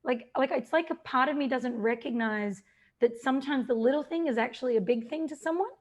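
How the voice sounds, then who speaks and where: A woman's voice: high voice, fairly quick. Reflective woman podcast host. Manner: open and reflective, with small restarts. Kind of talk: casual podcast conversation.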